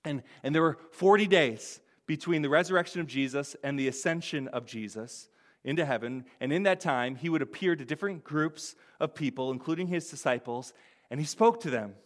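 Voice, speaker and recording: A man's voice: a little high, brisk. A man preaching a conversational sermon in an earnest way, asking his listeners questions and often restarting his words. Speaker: pastor.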